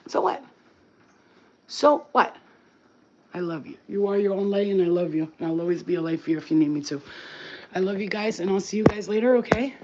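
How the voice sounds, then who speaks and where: Speaking fast at a medium pitch with a dark tone, a spiritual healer vlogger talks casually and earnestly into her phone, addressing spirits directly and emphatically repeating her blessings. The audio is dull, with a little hiss or hum.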